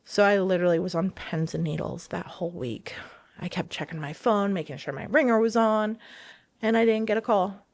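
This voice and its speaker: A woman, a guest in an interview, telling a personal story in a casual, animated way and acting out the dialogue she quotes. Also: medium pitch, a little fast.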